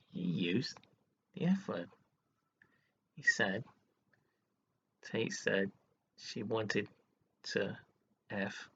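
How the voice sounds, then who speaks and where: A man's voice: on the low side, gravelly, slightly rough, dull audio. A man, a teacher, talking emotionally to his webcam about a student who upset him, rambling and saying "you know" often, close to tears. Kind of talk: emotional personal vlog. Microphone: webcam mic.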